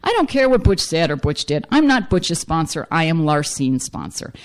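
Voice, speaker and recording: A woman's voice: low voice, very animated, normal speed. A woman voicing her stern older female sponsor, curt and commanding.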